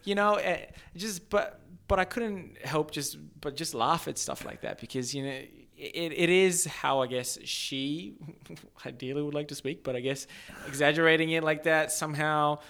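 A man talking about film in a casual podcast chat, animated and rambling, often restarting his sentences. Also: fairly high pitch, normal speed, hardly any pauses.

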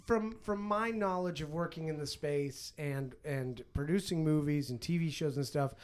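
A man's voice: a little high, moderate pace, clean tone. A man hosting a casual podcast chat, talking in a chatty way with frequent restarts. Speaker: podcast host and film producer.

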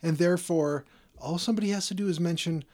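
A man's voice: sits high, fast, a little mellow. A man co-hosting a podcast, chatting casually, teasing and laughing often. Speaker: podcast co-host. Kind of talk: casual chat.

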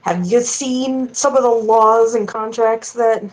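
A woman's voice: a little high, steady tone, takes it slowly, low-quality recording. A woman playing a tabletop game, explaining her plans in a rambling, hesitant way full of fillers. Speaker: player. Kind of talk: casual tabletop game chat.

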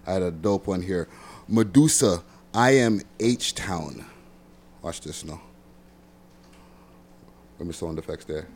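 A man's voice: deep voice, takes it slowly, pauses often, a little mellow, slightly rough. A man hosting a casual reaction podcast, loose and swearing, talking over music. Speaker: podcast host. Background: hip hop music playing.

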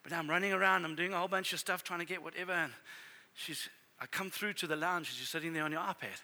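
A middle-aged man preaching a sermon as a pastor, telling family stories in a conversational, animated way. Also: a little high, fast talker.

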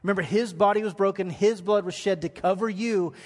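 A man with a high voice preaches a sermon, pressing his points with repeated lines and then sinking to a near hush. His words ring out with the long reverb of a large church sanctuary. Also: steady tone, brisk. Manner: emphatic preaching, repeats phrases, drops to a hush. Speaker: pastor.

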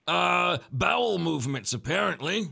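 Gravelly, dry-witted male radio host. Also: high-pitched, lively intonation, moderate pace, sharp tone. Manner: dry, teasing. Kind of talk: late-night comedy call-in show.

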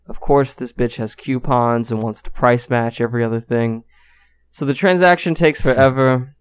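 A man's voice: medium pitch, animated, moderate pace, clear, resonant tone, highs cut off. A man co-hosting a podcast, telling a story in a loose, profane style with lots of fillers. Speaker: podcast co-host. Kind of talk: casual storytelling.

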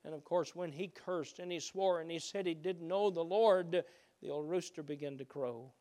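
A man preaching a sermon, shifting between loud emphatic peaks and hushed low passages. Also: moderate pace. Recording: reverberant hall.

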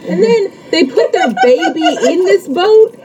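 A woman's voice: very high voice, expressive, a little slow, warm tone, lo-fi sound, a little hiss or hum. A woman co-hosting a podcast, ranting in exasperation about a movie and swearing freely. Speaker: podcast co-host. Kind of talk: casual movie chat.

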